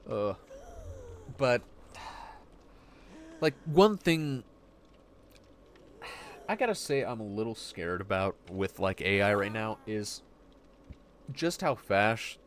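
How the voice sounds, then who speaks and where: Low-ish guy rambling slow on a stream, bouncy pitch. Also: animated, a little hiss or hum. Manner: rambling, acts out quick voices in quotes. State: getting hiccups. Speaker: livestream host. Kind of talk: casual stream chat.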